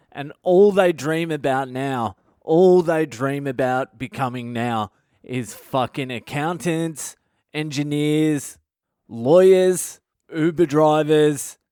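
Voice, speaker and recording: A man's voice: mid-range voice, a little mellow, clean tone, dry recording, studio quality. A man delivering a profane, sarcastic comedic rant as a podcast host.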